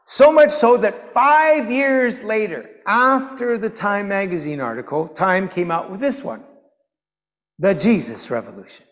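A man preaching a sermon as pastor, telling a story with animated, emphatic bursts. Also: high-pitched, a little slow, big-room sound.

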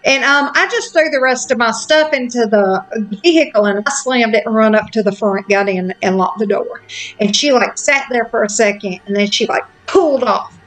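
Chatty woman telling a story, high voice. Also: moderate pace, soft background music. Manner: chatty, animated, frank, lots of fillers. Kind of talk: casual storytelling chat.

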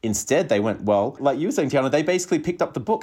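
Animated Australian man telling stories. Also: mid-range voice, breathy edge. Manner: animated storytelling, quick laughs. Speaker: voice actor guest. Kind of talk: casual podcast chat.

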